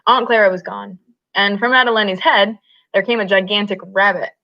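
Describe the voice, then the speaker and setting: A woman reading a novel aloud at a steady, unhurried pace, in a slightly muffled recording. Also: medium pitch, creaky. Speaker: reader.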